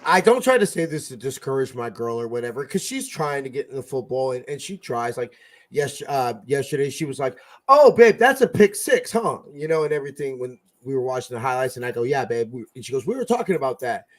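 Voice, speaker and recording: A man co-hosting a casual sports fan podcast, profane and excitable, swinging between loud bursts and mutters. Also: medium pitch, fast. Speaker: podcast co-host.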